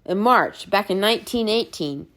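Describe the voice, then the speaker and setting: A woman voicing a quiet, hesitant young Scottish ex-soldier who speaks in a halting, soft-spoken Scottish dialect. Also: mid-range voice, lively intonation, lightly acted.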